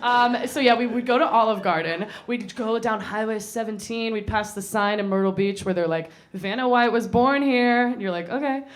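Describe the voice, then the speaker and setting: A woman's voice: mid-range voice, fairly quick, hardly any pauses. A young woman from North Carolina telling a comedic story on stage, chatty and self-mocking, laughing at her own jokes. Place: small theater stage before a live audience.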